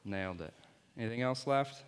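A man leads an object-lesson sermon in a large hall, with his words ringing out in long reverb. His voice sits at an ordinary pitch, and he jokes with and coaches the volunteers beside him in a playful way. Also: lively intonation, moderate pace, clear, resonant tone.

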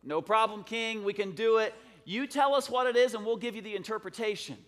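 A man's voice: high-pitched, brisk, a bit bright, pitched above the performer's own voice. A man voicing a group of eager, pleading royal wise men. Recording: long hall reverb.

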